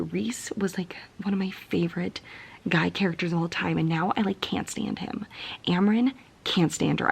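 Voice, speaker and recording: A woman's voice: fairly low pitch, vocal fry, breathy edge. A young woman vlogging about a book she is reading, tired and venting in a frustrated, often whispered late-night rant. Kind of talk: casual reading vlog.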